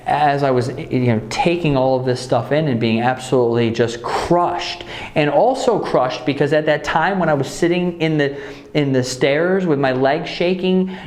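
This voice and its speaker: A man telling a painful personal story in an earnest, emotional way, often stopping and restarting his sentences. His voice sits at an ordinary middle pitch and echoes in a roomy space. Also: a little mellow. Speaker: channel host telling his own story. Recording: echoey room.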